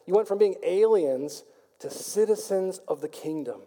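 A man preaching a sermon as pastor, building to fervent calls and rapid questions to his congregation. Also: sits high, expressive, dark tone. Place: church sanctuary. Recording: long reverb of a large hall.

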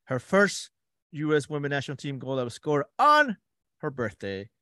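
A man's voice: on the high side, big pitch swings, normal speed, bright, forceful tone, no room sound, clean studio sound. A man co-hosting a sports podcast in casual chat, telling stories with many fillers and restarts. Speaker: podcast co-host.

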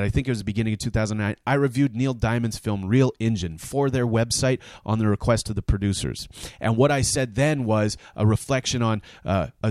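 A man's voice: mid-range voice, a little mellow, no room sound, clean studio sound. A man from Canada hosting his own podcast, delivering a sarcastic, heated comic rant. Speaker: podcast host.

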